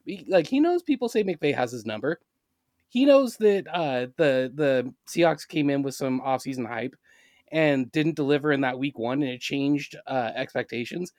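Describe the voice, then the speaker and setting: A man co-hosting a podcast, chatting casually about sports as an animated storyteller with quick asides. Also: mid-range voice, no room sound, studio quality. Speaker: podcast co-host.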